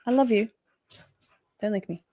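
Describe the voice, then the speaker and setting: A woman's voice: medium pitch, normal speed, dark tone, no room sound, clean studio sound. An Australian woman hosting a livestream, chatting casually and reading viewer comments aloud with frequent laughs. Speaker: livestream host.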